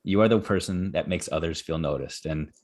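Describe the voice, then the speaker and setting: A man hosting a podcast, talking in an earnest, encouraging and animated way. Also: low voice, brisk. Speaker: podcast host. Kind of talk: conversational podcast interview.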